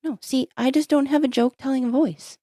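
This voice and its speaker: A woman podcast host reading jokes aloud in a flat, unenthusiastic way during a casual chat. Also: high-pitched, fairly quick, dry recording, studio quality. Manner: flat, unenthusiastic joke delivery.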